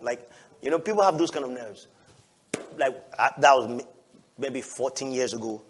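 A male pastor, preaching a lively sermon, often laughing and breaking into shouts. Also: mid-range voice, normal speed, long pauses, a little hiss or hum.

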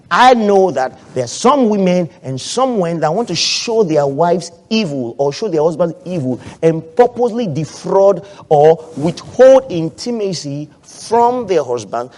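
High-voiced male pastor preaching. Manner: preaching loudly with call-and-response amens, swinging from soft to shouted; acts out quoted voices of husbands and wives. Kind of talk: sermon.

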